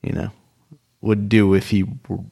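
A man's voice: on the low side, little pitch movement, a little slow, gravelly, dark tone, husky. A man in casual chat, laid-back, giving a dry, wry take on an episode he half dozed through. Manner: laid-back, short agreeing replies, then a longer wry take.

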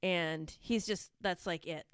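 A woman's voice: fairly low pitch, fairly even intonation, takes it slowly, smooth, no room sound, studio quality. A woman co-hosting a podcast, chatting casually and enthusiastically about wrestling with lots of fillers. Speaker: podcast co-host. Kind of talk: casual chat recapping wrestling.

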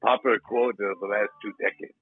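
A man playing a gruff, laughing quiz contestant with a put-on foreign accent in a comedy sketch. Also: fairly low pitch, steady tone, brisk, a little hiss or hum, pitched below the performer's own voice, natural voice. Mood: cocky. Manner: gruff, laughing, swearing banter. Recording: dry tinny phone-like sound.

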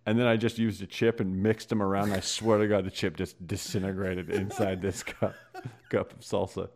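A man co-hosting a podcast, telling stories in an animated, profane, casual way. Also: deep voice, normal speed, crowd noise. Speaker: podcast co-host. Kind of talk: casual chat.

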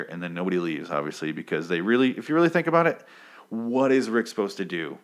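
A man with a somewhat low voice talks through a story recap in a loose, rambling rant. He swears constantly, trips over his own sentences and restarts them, and gets carried away with excitement. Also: fast talker. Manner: rambling, excitable, swears freely, self-interrupting. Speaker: comic book recap host. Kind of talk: casual profane recap rant.

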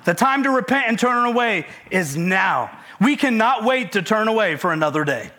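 A man's voice: high-pitched, sing-song, normal speed, bright, forceful tone. A man preaching a conversational sermon, emphatic, repeating key phrases and dropping folksy humorous asides. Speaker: pastor.

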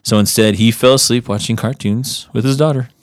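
A man's voice: medium pitch, steady tone, brisk, no echo. Easygoing man reading fun facts. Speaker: podcast co-host. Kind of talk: casual chat, reading facts.

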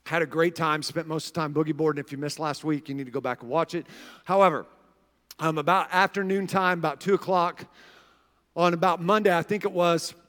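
A male pastor telling a story in a lively, chatty sermon, constantly checking in with the congregation. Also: on the high side, fairly quick, big-room sound. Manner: animated, chatty, keeps checking in with "right?".

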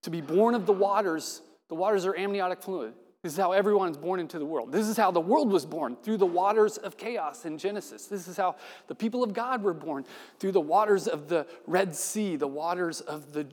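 A man preaching in a casual, lively manner, his voice sitting a little high for a man. He voices the quoted dialogue as he goes, and his words ring out with a long reverb from a big hall. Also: a little fast. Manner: conversational and animated, acts out quoted dialogue. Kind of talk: sermon.

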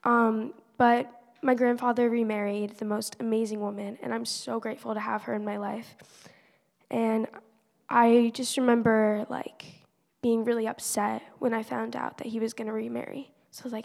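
A woman's voice: a little high, flat delivery, normal speed, creaky, a little mellow. A teenage girl giving an earnest, conversational faith testimony at church, with many casual fillers. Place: church hall. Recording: long church-hall reverb.

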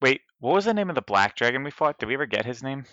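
A man's voice: medium pitch, big pitch swings, very fast, pushed and bright, dry recording. A man playing a tabletop game, chatting casually and joking with frequent laughter. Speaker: player. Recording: dull dry close mic.

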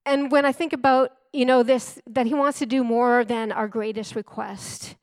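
Earnest woman preaching, higher-pitched voice. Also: fairly even intonation, normal speed, darkish tone, no echo. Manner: earnest, emphatic, repeats key phrases. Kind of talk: sermon.

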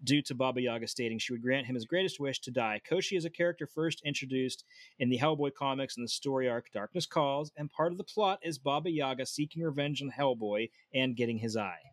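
A man's voice: medium pitch, a little fast, dry recording. A man co-hosting a casual podcast who reads the show notes aloud and keeps the talk moving. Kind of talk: casual chat.

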